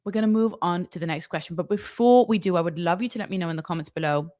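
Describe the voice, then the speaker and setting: A woman marriage coach answering viewer questions in an advice video, talking in an animated, emphatic way and checking in often with the viewer. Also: on the low side, fast talker. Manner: animated, emphatic, lots of "okay?" check-ins.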